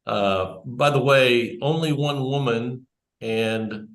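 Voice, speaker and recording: Speaking slowly in a medium-pitched, slightly bright voice, a man delivers a rambling church talk full of digressions and self-corrections. The setting is a church room with a small audience, recorded with a roomy echo.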